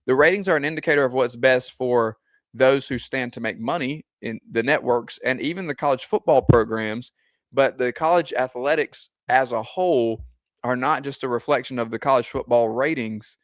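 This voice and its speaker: A man hosting a sports podcast, talking in a measured way and steering the discussion. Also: medium pitch, no room sound. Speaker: podcast host. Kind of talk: casual sports talk.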